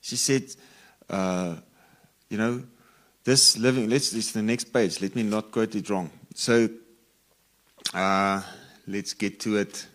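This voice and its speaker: A man teaching from the Bible, reading verses aloud and then explaining them in a relaxed, conversational way. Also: fairly low pitch, slow, pauses often. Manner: reads scripture aloud, then explains it informally with asides. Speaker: preacher.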